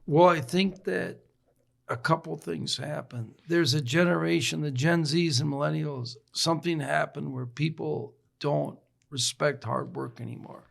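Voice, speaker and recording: A man's voice: a little high, a little slow, gravelly. A man co-hosting a casual podcast, joking and swearing freely. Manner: profane, joking, loud. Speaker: podcast co-host.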